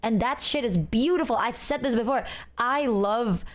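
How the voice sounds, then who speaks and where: A young woman streamer in casual chat, talking in a relaxed, low-energy voice. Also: normal speed.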